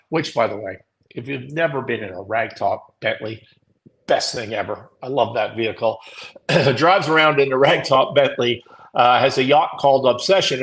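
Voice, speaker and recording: Male solo host of a live business show: opinionated, wry, quick to chuckle at his own jabs. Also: mid-range voice, fairly bright tone, low-quality recording. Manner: mocking emphatic read-outs of quoted rants.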